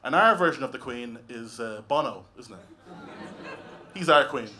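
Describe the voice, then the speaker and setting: A man's voice: medium pitch, expressive, moderate pace, sharp tone, some chatter behind. An Irish man doing a stand-up comedy set on a club stage, talking in a wry, conversational way with lots of tag questions. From Ireland.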